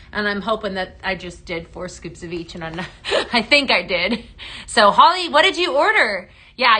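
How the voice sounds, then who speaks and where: A woman's voice: on the high side, pushed and bright. A woman hosting a live product stream, upbeat and chatty, greeting viewers by name as she mixes fragrances. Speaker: live sales host.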